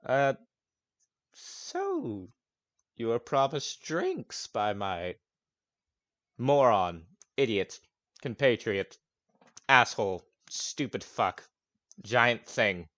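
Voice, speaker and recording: A man's voice: medium pitch, wildly swooping pitch, drawn-out words, pauses often, fairly bright tone, no room sound, exaggerated voice. A man voicing a sarcastic, rude elf man who swears often, in a tabletop game.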